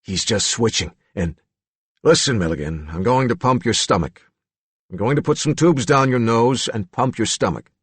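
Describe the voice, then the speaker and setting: A man's voice: medium pitch, expressive, moderate pace, slightly rough, dry recording. A man voicing a dismissive, nasty male emergency room doctor who speaks curtly and with scorn. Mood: scornful. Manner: curt and scornful.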